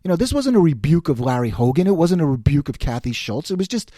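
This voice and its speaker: A middle-aged man hosting a podcast, delivering an opinionated political monologue in a sarcastic, animated way. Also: on the high side, fast talker, few pauses, no room sound, studio quality. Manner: animated, sarcastic, quotes others in put-on voices. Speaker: podcast host.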